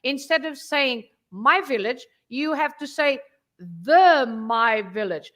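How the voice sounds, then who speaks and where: A woman's voice: high-pitched, expressive, slow pace, fairly bright tone. A woman whose first language is Portuguese, patiently explaining grammar step by step as a language teacher. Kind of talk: casual language lesson.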